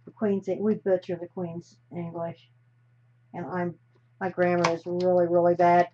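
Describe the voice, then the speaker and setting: A woman's voice: on the low side, flat delivery, a little slow, mellow. A woman from the United States hosting a live stream while she crafts, talking in a chatty, rambling way that often trails off mid-sentence. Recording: slightly dull, faint hiss.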